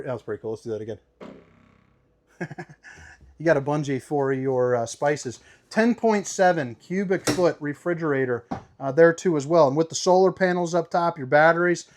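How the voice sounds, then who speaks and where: In a fairly high-pitched, darkish voice, a man gives a casual walkthrough of a travel trailer's interior as an RV tour host. He's upbeat and playful, throwing in slangy asides and calling viewers "baby."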